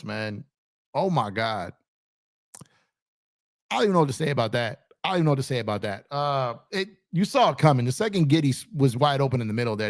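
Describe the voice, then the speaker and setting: A man hosting a sports live stream, chatting casually and reacting out loud in excited bursts while greeting viewers by name. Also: medium pitch, no room sound, clean studio sound. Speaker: sports channel host.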